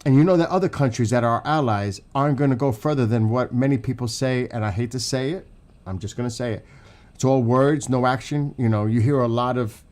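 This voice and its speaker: A man's voice: mid-range voice, darkish tone. Angry new york guy ranting on his stream, swearing a lot, talking to chat. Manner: angry, profane, emotional ranting. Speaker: livestream host. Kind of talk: heated political commentary to chat.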